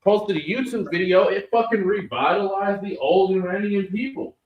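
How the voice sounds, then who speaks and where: A man argues hotly on a political reaction stream, swearing freely and hammering his points home. His voice sits a bit high for a man and bounces around an echoey room. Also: moderate pace, highs cut off, a little hiss or hum. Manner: profane, emphatic, argumentative. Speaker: co-host. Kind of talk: heated political reaction chat.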